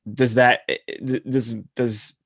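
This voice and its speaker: A man's voice: mid-range voice, level tone, unhurried, no room sound, clean studio sound. A man from Michigan hosting a bookstore interview over a video call, asking hesitant, stumbling questions. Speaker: bookstore event host.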